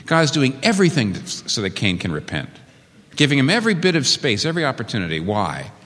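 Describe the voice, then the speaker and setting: A man's voice: mid-range voice, huge pitch swings, fast talker, a bit bright, big-room sound. A man preaching a sermon as a pastor, speaking earnestly and emphatically and building to strong emphasis.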